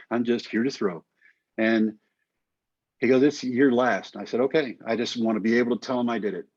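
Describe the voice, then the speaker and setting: A man's voice: mid-range voice, steady tone, moderate pace, a little mellow, breathy edge. A man being interviewed who tells his story with wry, self-mocking humor and acts out the dialogue. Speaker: guest. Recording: slightly dull, lo-fi audio.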